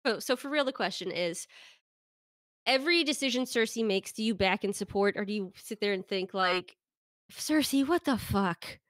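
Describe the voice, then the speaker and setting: A woman's voice: mid-range voice, brisk, fairly bright tone, no room sound, clean studio sound. Blunt woman in casual podcast chat. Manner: blunt, complaining, laughs easily. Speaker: podcast co-host.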